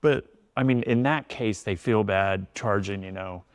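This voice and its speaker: A man's voice: fairly low pitch, measured pace. A middle-aged man, a tattoo artist and shop owner, talking loosely and casually in a podcast conversation, full of "you know". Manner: laid-back, loose storytelling with frequent "you know".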